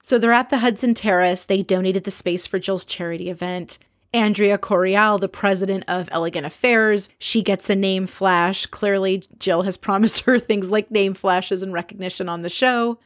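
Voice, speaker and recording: A woman chatting casually as she recaps a reality show, opinionated and quick to mimic the people she describes. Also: medium pitch, fairly even intonation.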